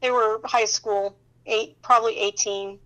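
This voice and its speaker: A woman sharing faith testimonies in an emphatic, animated way, often laughing as she talks and checking in with the listener directly. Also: a little high, measured pace, muffled recording. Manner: addresses listener directly with "okay?" and "you know".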